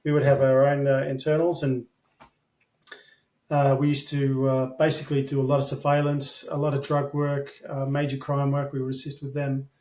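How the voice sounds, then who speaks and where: A man's voice: mid-range voice, completely flat delivery, moderate pace. A man with an Australian accent, an interview guest telling stories at length, full of ums and blunt swearing. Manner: rambling, filler-heavy, blunt and swearing. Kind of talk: casual storytelling. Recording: echoey room.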